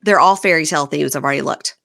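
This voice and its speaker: A woman's voice: deep voice, fast talker, gravelly, fairly bright tone. A woman hosting a podcast, chatting casually and rambling through a recap with frequent laughs. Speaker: podcast host.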